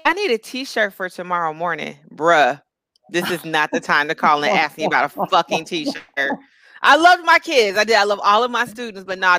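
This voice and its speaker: A woman's voice: fairly low pitch, bright, forceful tone, dry recording. A young adult woman co-hosting a podcast, chatting casually in a blunt, profane way. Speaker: podcast co-host. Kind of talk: casual chat.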